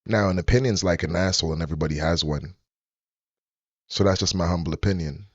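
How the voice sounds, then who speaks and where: A man hosting a reaction video, giving casual, measured commentary on a clip he pauses. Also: sits low, slightly rough, no echo, lo-fi sound.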